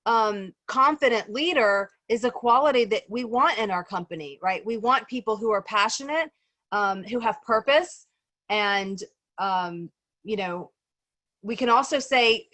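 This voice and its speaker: A woman's voice: a little high, moderate pace, a bit bright, no room sound. Lady running a discussion circle, chatty with lots of ums, dry close sound. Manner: conversational, many ums and "right?" checks. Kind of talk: casual group discussion on a video call.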